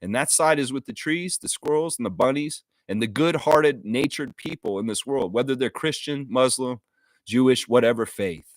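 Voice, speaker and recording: A man's voice: medium pitch, normal speed, dry recording. Earnest, emotional man on a dry mic. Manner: earnest, heartfelt, apologetic, many restarts. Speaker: host of a basketball fan live stream. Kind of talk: unscripted live stream monologue.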